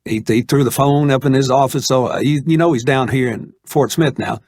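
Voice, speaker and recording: A man playing a laid-back middle-aged Arkansas man, talking in an easygoing, calming drawl. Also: mid-range voice, a little fast, no room sound, studio quality, natural voice.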